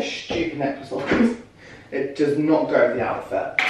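A young man with a British accent, excitedly unboxing a clothing haul and exclaiming, gasping and laughing often. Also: medium pitch, normal speed. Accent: British English. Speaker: fashion vlogger. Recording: echoey room with clear background noise.

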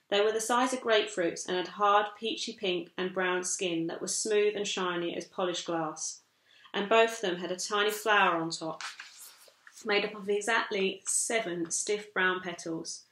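A woman teacher reading a children's chapter book aloud in a steady storytelling manner. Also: medium pitch, normal speed, reverberant. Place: school room.

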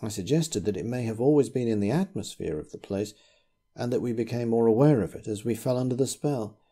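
A man reading a ghost story aloud in a measured, grave storytelling manner. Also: medium pitch, mellow, slightly rough. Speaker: narrator.

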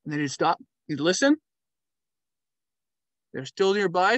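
A man tells stories from his travels in an animated, casual way, acting out the animals' sounds and movements as he goes. His voice sits a little on the high side. The sound is dry and close, with no room echo. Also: unhurried. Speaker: travel vlogger and storyteller.

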